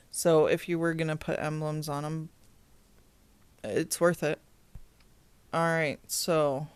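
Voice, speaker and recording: Casting: relaxed female game guide host, low voice, unhurried and chatty. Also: smooth, dry recording. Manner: chatty, laughs easily. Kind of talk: casual game review commentary.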